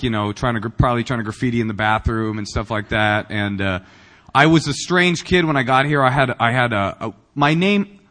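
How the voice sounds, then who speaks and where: A man's voice: mid-range voice, fairly bright tone, long reverb tail. A man from Northern California giving a humorous personal talk at a recovery meeting, rambling and self-mocking with many fillers and restarts. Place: meeting room.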